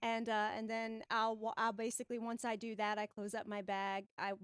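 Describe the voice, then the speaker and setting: A woman's voice: on the high side, level tone, normal speed, fairly bright tone, smooth, dry recording. Casual woman player, dry sound. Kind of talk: tabletop game play, explaining moves.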